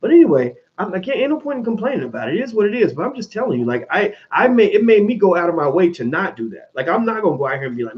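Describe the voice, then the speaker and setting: A man's voice: high-pitched, rapid-fire, hardly any pauses. A middle-aged man giving a casual, emphatic monologue as a commentator, often restarting his sentences. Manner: animated, emphatic, frequent restarts. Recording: dull lo-fi sound.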